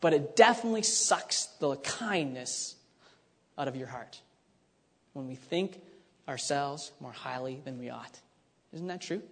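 A man preaching a sermon, animated and dramatic, acting out the lines he reads. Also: mid-range voice, measured pace, creaky, pauses often. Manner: animated, acts out scripture voices, many restarts. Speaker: pastor. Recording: long hall reverb.

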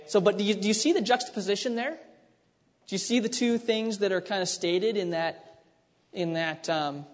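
A man preaching a conversational sermon, teaching with frequent restarts and asides. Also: fairly high pitch. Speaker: pastor. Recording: long hall reverb.

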